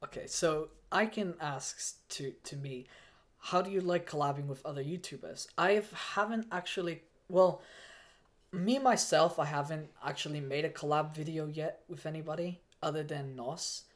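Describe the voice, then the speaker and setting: A man's voice: a little high, moderate pace. A man chatting casually on a livestream, hot and a little out of it inside a fursuit. He rambles and stammers through restarts, thanking donors in an easygoing way. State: overheated in a fursuit, mentally foggy. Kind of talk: casual livestream chat, reading donations.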